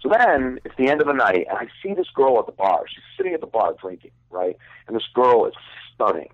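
A man's voice: mid-range voice, sing-song, fairly quick. A young man telling a crude, rambling story in casual chat, full of fillers. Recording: dry tinny phone-like sound.

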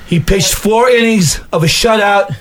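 A man, a regular on a radio show, talking loudly and boisterously, shouting and repeating himself. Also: high-pitched, unhurried. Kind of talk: loud radio show banter.

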